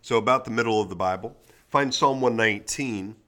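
A man hosting a devotional podcast, reading scripture aloud at a steady pace and adding short plain comments. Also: on the low side, brisk. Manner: reads scripture aloud with brief comments and prayer. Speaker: podcast host.

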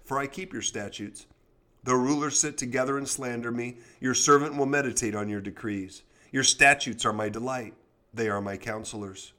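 A man hosting a devotional podcast, reading scripture aloud at a steady pace and adding short plain comments. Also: mid-range voice. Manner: reads scripture aloud with brief comments and prayer. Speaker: podcast host.

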